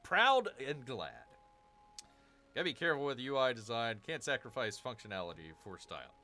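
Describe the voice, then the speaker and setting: A man gives lively, swooping gameplay commentary, his pitch climbing and dropping all the time. His tone is bright and forceful as he grumbles at the game and answers his chat. It sounds like a streamer talking into a desk microphone. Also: fast talker, soft background music. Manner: exasperated, grumbling asides. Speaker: streamer playing a strategy game.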